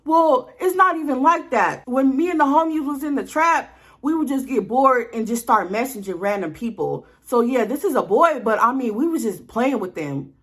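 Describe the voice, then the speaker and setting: A flustered, stammering young man scrambles to explain himself, as a woman mimics him. The voice jumps up high and squeaky. His words trip over each other as he gets defensive. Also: lively intonation, normal speed, a bit bright, husky, heavily acted.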